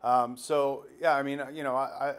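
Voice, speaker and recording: A man on a panel answering an audience question in a casual, halting way. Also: medium pitch, steady tone, smooth. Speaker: panel speaker.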